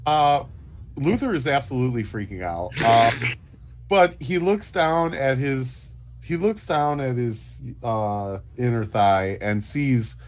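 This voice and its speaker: A man playing a tabletop game over a voice call, his voice sitting in a middle pitch. He rambles and jokes, tripping over words as he goes, with a faint hiss of noise behind him. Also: animated, takes it slowly. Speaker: player.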